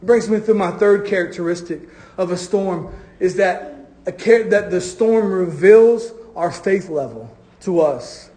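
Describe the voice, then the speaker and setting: A man's voice: high-pitched, mellow. A man preaching a sermon to his congregation, stretching key phrases for emphasis. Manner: preaching with drawn-out emphatic phrases and acted quotes. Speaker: pastor. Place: church.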